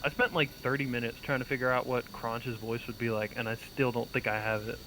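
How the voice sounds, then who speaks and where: A man's voice: medium pitch, steady tone, brisk, noisy background. A man playing in a tabletop game, bantering playfully with the others. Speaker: player. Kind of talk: casual stream chat.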